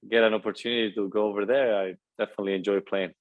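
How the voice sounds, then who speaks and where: Young Spanish-accented man, low voice. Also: steady tone, very fast, phone-quality sound. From Spain. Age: 20s. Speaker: guest. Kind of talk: casual interview chat.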